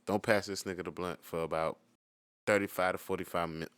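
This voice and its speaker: A man's voice: low-pitched, steady tone, brisk, fairly bright tone, clean tone, no room sound, clean studio sound. A man hosting a reaction video, reacting with blunt, teasing slang. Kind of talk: casual reaction commentary.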